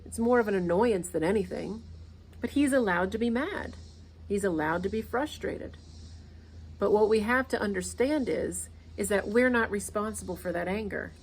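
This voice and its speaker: A woman's voice: medium pitch, normal speed, a little hiss or hum. Earnest woman giving a motivational talk. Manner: earnest, repeats points for emphasis. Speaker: podcast host.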